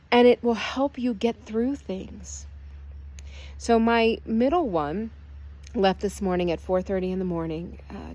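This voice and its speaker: A woman's voice: medium pitch, a little mellow. An older woman, a spiritual healer, giving a casual and earnest energy update in short, reassuring phrases.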